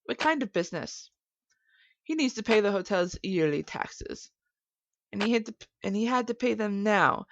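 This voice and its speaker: A woman's voice: medium pitch, moderate pace, dry recording, close to an everyday voice. A woman voicing a cold, haughty rich hotel-owner woman who speaks curtly and dismissively, in a dull lo-fi recording. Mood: cool, dismissive. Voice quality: curt, dismissive.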